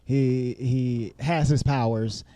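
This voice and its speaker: A man's voice: medium pitch, steady tone, takes it slowly, dark tone. A man hosting a casual movie review podcast, laughing often and acting out characters in goofy voices. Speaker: podcast host.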